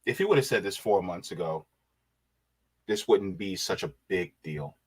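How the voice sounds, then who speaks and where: A man's voice: low-pitched, expressive, normal speed, husky. A man hosting a casual political livestream, exasperated and sarcastic, reading out viewer comments and reacting. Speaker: host of a political stream.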